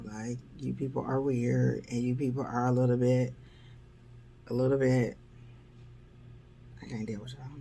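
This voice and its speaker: Gravelly-voiced woman telling dating stories. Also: a bass voice, a little hiss or hum. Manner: wry, blunt, exasperated, peppered with "blah, blah". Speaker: vlogger. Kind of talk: casual storytelling vlog.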